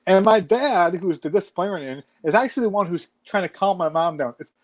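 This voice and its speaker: A man in his forties telling a story in casual chat, animated and swearing freely. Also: high voice, a little fast. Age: 40s.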